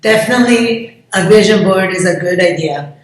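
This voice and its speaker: A woman's voice: medium pitch, moderate pace. A woman from Brazil, talking as an interview guest in an effusive, chatty way and acting out what people said. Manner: effusive, acts out quoted dialogue. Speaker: contest promoter, interview guest. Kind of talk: casual interview chat. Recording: very echoey room.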